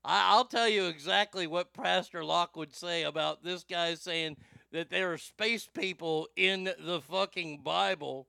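A man's voice: sits high, measured pace, gravelly, bright, forceful tone, smooth, dry recording. A Southern man hosting casual commentary in a profane, rambling way, stammering often, close to the mic. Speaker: host.

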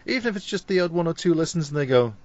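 A man's voice: a little high, lively intonation, rapid-fire, a little mellow, dull audio. A man with a Liverpool Scouse accent, co-hosting a podcast in casual, joking chat. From Liverpool, England. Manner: joking, playful banter. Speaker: podcast co-host.

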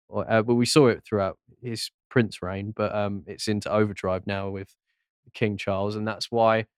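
A man's voice: fairly low pitch, smooth, no echo, studio quality. A man co-hosting a podcast, reading viewer comments aloud with frequent fillers. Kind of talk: casual chat.

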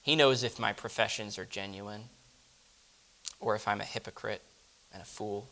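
Bright-voiced man telling a reflective story. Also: fairly low pitch, fairly even intonation, moderate pace. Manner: reflective, dropping to hushed tones. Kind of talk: first-person dramatic monologue.

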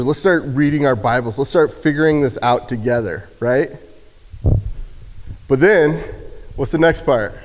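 A man giving a casual youth sermon in a church, joking and acting out shouted quotes. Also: on the high side. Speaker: youth speaker. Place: church sanctuary. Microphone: handheld microphone. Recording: hall reverb.

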